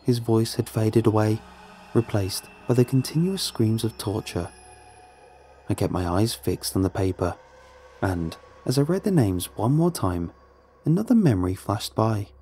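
A man's voice: fairly low pitch, lively intonation, unhurried, warm tone, faint music behind. A man narrating a first-person horror story in a tense, dramatic manner.

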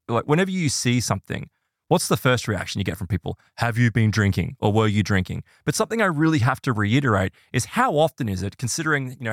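A man spins a ghost story for a podcast, his voice swooping up and down as he acts out what people said. The sound is close and dry, with no room around it. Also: dry recording. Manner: animated, voices quoted people in higher pitch. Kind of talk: casual storytelling chat.

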